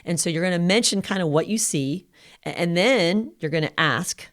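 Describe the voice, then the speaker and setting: A middle-aged woman with a low voice co-hosts a parenting podcast in casual conversation. She explains patiently and encouragingly, often acting out what a parent might say. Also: moderate pace. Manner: warm, encouraging, teaching tone with quoted examples. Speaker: podcast co-host.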